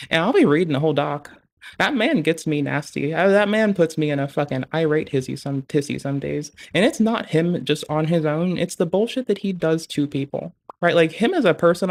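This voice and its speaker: A live streamer in casual chat, rambling and swearing freely, interrupting themself with lots of fillers. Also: mid-range voice. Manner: rambling, profane, self-interrupting; quick, animated delivery with many fillers.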